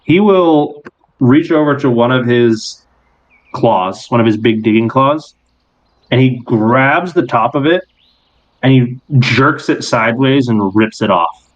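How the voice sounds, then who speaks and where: A man serving as game master, narrating a tabletop game in an animated, rambling way. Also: medium pitch, measured pace, dull audio.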